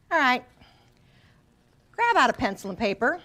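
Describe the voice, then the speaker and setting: A woman's voice: high-pitched, big pitch swings, moderate pace, pushed and bright. A woman real estate trainer leading a workshop for a live class, teasing her students with playful asides. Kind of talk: workshop presentation. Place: training room with a live audience.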